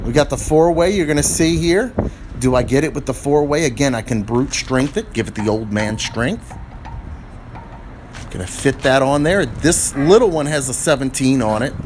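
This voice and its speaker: Working on his car outside, a middle-aged man rambles through a casual tire-review vlog and becomes increasingly frustrated. He speaks at a moderate pace with medium pitch and a darkish tone; the phone-camera audio is noisy.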